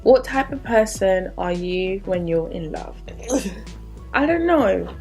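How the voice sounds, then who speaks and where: A woman's voice: mid-range voice, expressive, slow, darkish tone, faint music behind. Chatty young woman vlogging. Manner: chatty, candid, drifting into asides. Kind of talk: casual Q&A vlog.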